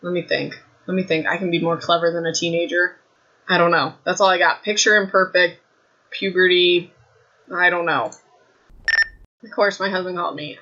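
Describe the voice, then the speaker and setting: A woman in her thirties with a raspy throat, hosting a podcast from her home and chatting in a rambling way, saying "like" a lot. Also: lowish voice, fairly even intonation, moderate pace, sharp tone. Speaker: podcast host. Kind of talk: casual chat about a book. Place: home room. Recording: dull lo-fi home recording.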